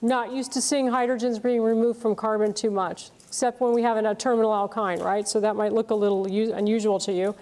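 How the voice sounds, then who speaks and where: A woman with a fairly high voice delivers a university lecture. She explains patiently, pausing on fillers and checking that students follow along. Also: fairly even intonation, a little mellow. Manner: explanatory, checks in with "okay?" and "right?". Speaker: chemistry lecturer.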